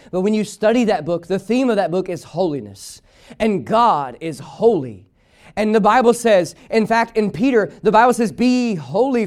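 Man preaching from the pulpit, high tenor voice, emphatic repeated lines, call-and-response with the church. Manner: emphatic preaching, repeating phrases and asking the church to read along. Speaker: pastor. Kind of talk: sermon. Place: church sanctuary.

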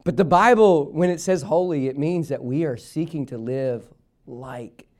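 A man's voice: a little high, unhurried, darkish tone. A male pastor, preaching a sermon in a church, emphatic and repetitive, asking the congregation to read along. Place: church sanctuary.

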